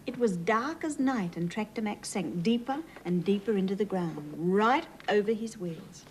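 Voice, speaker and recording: An Australian woman reading a storybook to young children, gentle and sing-song as a children's TV host. Her voice sits at an ordinary pitch, and a faint hiss runs behind her. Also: animated, moderate pace, hardly any pauses, low-quality recording.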